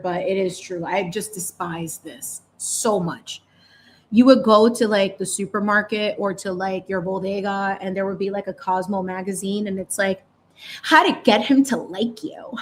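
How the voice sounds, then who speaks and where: A woman in her thirties, a host chatting casually while she paints. She speaks, and her voice sits a little high. She is animated and opinionated, with lots of "like" in her speech. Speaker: channel host.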